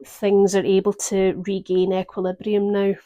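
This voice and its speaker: A woman giving a gentle, reflective tarot reading, pausing often to think. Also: mid-range voice, monotone. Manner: gentle, reflective, with pauses and fillers. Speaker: tarot reader.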